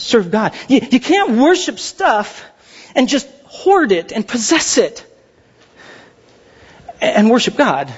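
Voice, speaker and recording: Emphatic, lively-voiced pastor preaching. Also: male voice, extremely high pitch, slow, pauses often, breathy edge, highs cut off. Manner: emphatic, rhetorical questions to the congregation. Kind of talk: sermon.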